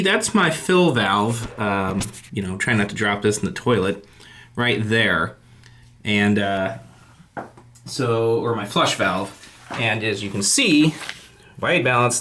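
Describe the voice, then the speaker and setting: A man's voice: mid-range voice, sharp tone, a little hiss or hum. Chatty young man vlogging at home. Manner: chatty, rambling, self-mocking asides. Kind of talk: casual home vlog. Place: inside a home.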